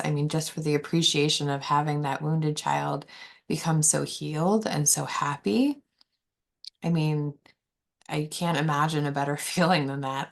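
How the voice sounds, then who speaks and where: A woman's voice: sits low, vocal fry. A woman life coach, a podcast guest, sharing her personal story in an earnest, open way. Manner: earnest and open, quoting her own inner voice.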